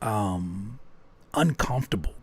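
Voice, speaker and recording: Animated man giving candid music feedback. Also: fairly low pitch, slow, husky. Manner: candid, joking, thinks aloud with restarts. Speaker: host reviewing listener music. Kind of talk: live music feedback stream.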